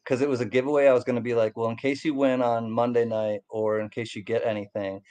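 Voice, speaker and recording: Easygoing man with halting speech. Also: mid-range voice, level tone, darkish tone. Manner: halting, repeats words, easygoing. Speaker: co-host. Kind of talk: casual chat about coin collecting.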